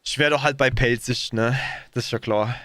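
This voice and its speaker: A man's voice: mid-range voice, steady tone, fairly quick, a bit bright, no echo, lightly acted. Guy doing a homey villager, folksy, dry sound. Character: homely German villager in thick dialect.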